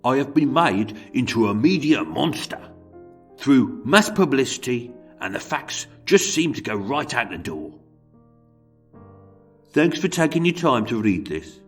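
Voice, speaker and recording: A man's voice: mid-range voice, darkish tone. Man putting on a Brummie accent for a self-pitying convict. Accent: Birmingham (Brummie), put on. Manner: formal, aggrieved letter-reading. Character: self-pitying jailed male murderer pleading to a lawyer.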